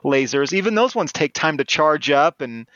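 A man's voice: on the high side, lively intonation, normal speed, fairly bright tone, no echo. Give me a man riffing jokingly on movies, recorded dry and lo-fi. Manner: joking, riffs on movie lines. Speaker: podcast co-host. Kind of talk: casual movie-review chat. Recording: dry, dull lo-fi sound.

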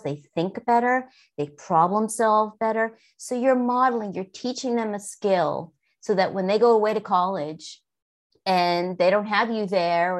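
A middle-aged woman talking through calming techniques in a relaxed conversation. Her pitch sits in the middle range, and her delivery stays calm and patient. She teaches gently, without hurry. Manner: calm, gently instructive, models soothing talk to a child. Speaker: guest expert on mindfulness. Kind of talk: conversational explanation.

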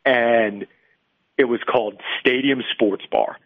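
Over a tinny phone line, a man with a mid-range voice calls in as a guest on a radio show. He takes his time, chatting his way through a long anecdote and laughing along in casual conversation.

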